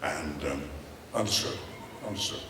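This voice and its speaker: A man's voice: rumbling low, normal speed, roomy sound, distant mic, noisy background. An older man with an Irish accent, telling rambling, theatrical anecdotes as a guest on a convention panel. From Ireland. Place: large convention hall.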